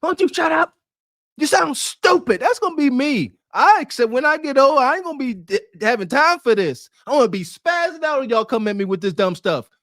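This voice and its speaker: A man hosting a podcast, reacting to clips with mocking, animated commentary. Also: extremely high pitch, fairly quick, hardly any pauses, no echo, clean studio sound. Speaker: podcast host.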